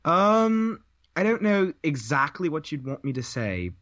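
A man's voice: on the high side, sing-song, unhurried, fairly bright tone. A young man, a voice actor guest, laughing and easygoing in a casual interview. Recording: dull lo-fi sound.

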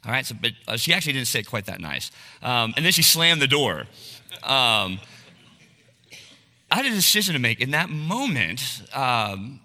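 A man in his forties speaks at a men's talk in a medium-pitched, sing-song, sharp-toned voice at normal speed, with a long reverb tail. His earnest, confessional, sermon-style talk often checks in with his listeners.

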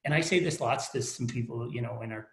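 Speaking frankly as a podcast guest, this business leader shares stories in a relaxed interview, frequently restarting and repeating himself. He talks fast in a medium-pitched, creaky voice, and the room echoes.

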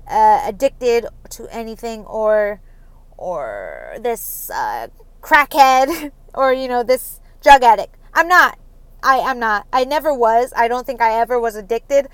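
Solo podcast host, young woman, high-ish clear voice, talks in loose rambles and laughs nervously, recorded dry and close. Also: dry recording. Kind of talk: casual solo podcast confession.

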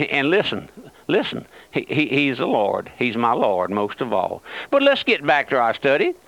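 Older male radio preacher; fervent, repeats himself, pitch on the high side. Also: fairly bright tone, no echo, poor audio. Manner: fervent, repeats phrases, calls himself the old trailblazer. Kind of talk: radio sermon.

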